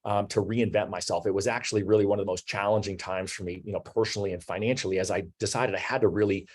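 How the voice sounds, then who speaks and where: A man in his forties hosts an online business talk, his voice sitting fairly low. He speaks in a loose, conversational way, leaning on "you know" and "um" as he thinks aloud. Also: steady tone, fast, slightly rough. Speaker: host. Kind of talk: webinar talk.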